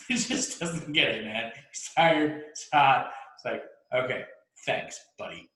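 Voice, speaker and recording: A man's voice: mid-range voice, slow pace, sharp tone. A man casually telling a long story, rambling with restarts, laughs and swearing. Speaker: podcast host telling a story. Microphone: laptop mic. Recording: echoey room.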